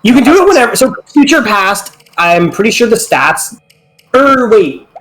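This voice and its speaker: A man's voice: high voice, big pitch swings, normal speed, a bit bright, poor audio. A man co-commenting on a game stream in a chatty way, often correcting himself mid-thought.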